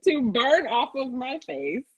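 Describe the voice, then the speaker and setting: A young woman co-hosting a casual chat, telling a story in a lively way and jumping high in pitch to act out what people said. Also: slow pace, dull audio, a crowd in the background. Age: young adult. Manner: animated, jumps high to act out quotes. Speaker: podcast co-host.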